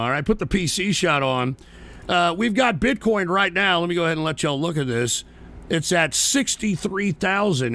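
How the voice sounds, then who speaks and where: Hosting a live-stream show, a man rants with profane, combative, casual commentary, answering viewer messages and mocking those who send them. His voice sits high and sounds bright and forceful.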